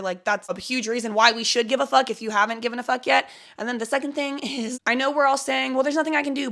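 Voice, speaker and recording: A woman's voice: mid-range voice, a bit bright. A woman talking in a casual confessional vlog as a spiritual content creator, rambling and searching for words with lots of "like".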